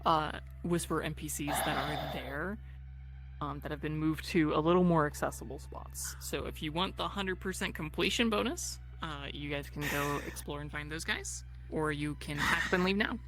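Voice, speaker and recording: A woman filling in as game master, briefing players with many pauses and fillers, then narrating the scene. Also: low-pitched, fairly bright tone, a little hiss or hum. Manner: halting, filler-heavy briefing. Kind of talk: narrating a tabletop role-play.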